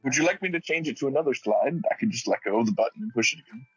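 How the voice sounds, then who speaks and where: A man playing in a tabletop game, talking in a quick, joking way. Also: medium pitch, expressive, slightly rough, soft background music. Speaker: player. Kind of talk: casual tabletop play. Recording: dull lo-fi audio.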